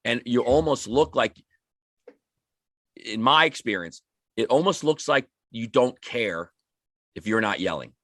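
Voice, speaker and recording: A man's voice: mid-range voice, animated, a little slow, pauses often, fairly bright tone, dry recording, studio quality. A man on a hockey podcast panel, talking about coaching in casual chat, rambling with many restarts and repeated words.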